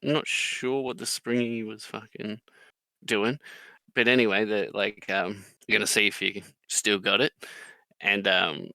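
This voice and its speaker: A man casually telling stories with lots of swearing, now and then acting out quotes in a loud, high voice. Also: little pitch movement, unhurried, gravelly, dry recording. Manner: swears a lot, acts out quotes in a loud high drill-sergeant voice. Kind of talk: casual chat.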